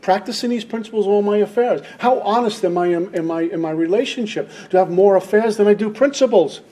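A man's voice: sits high, fast, mellow. A middle-aged man speaking at a recovery meeting, giving an emphatic, preacherly personal testimony and repeating lines for stress. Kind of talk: impassioned personal testimony talk.

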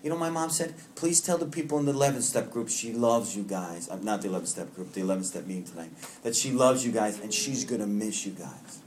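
A man's voice: fairly low pitch, animated, fast talker, a little mellow, a little hiss or hum. A man from Long Island, leading a recovery meeting and sharing with the group in an earnest, heartfelt way with self-mocking humor. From Long Island, New York. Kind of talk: personal share to a support group.

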